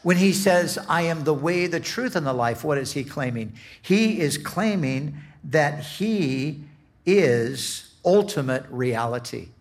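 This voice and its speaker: A male pastor delivering a sermon, taking his time over every phrase. His voice sits a little higher than most men's, and he often restarts a sentence as he teaches. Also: animated. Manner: slow, deliberate teaching with many restarts.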